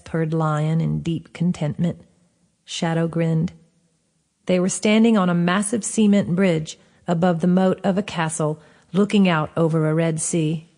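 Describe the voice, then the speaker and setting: A woman narrating her own fantasy book as an audiobook, in a steady, clear reading voice with a gentle lilt. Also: lowish voice, a little slow.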